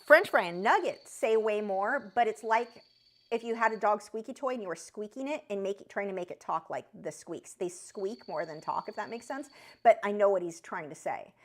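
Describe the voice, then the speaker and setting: A woman with a high voice that she says sounds like a chipmunk, chatting loosely with her viewers on an art live stream, with lots of fillers and restarts. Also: lively intonation, normal speed. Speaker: art teacher answering chat. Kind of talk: casual live-stream chat.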